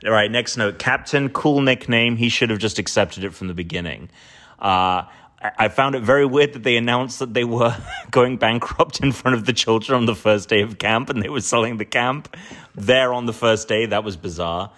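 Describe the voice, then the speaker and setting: A man's voice: medium pitch, normal speed, a bit bright. A man hosting a podcast, reading from his notes and giving wry, casual movie commentary with some swearing. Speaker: podcast host. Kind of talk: casual movie review chat.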